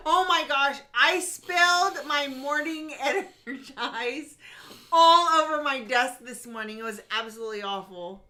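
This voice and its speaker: A woman's voice: high-pitched, slow pace, bright, forceful tone. A woman co-hosting a casual live stream, giggling and teasing while reading chat comments.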